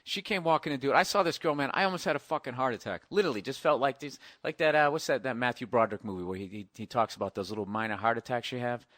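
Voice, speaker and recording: A man co-hosting a podcast, telling stories in a casual, animated, profane way. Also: mid-range voice, quick pace, few pauses, no room sound, clean studio sound. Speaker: podcast co-host. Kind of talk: casual chat.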